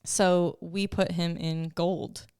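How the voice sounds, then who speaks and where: Chatty young woman life coach, casual podcast talk, smooth voice, dry close sound. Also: lowish voice, flat delivery, takes it slowly, darkish tone, no room sound. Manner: chatty and emotional, laughs often, lots of "like".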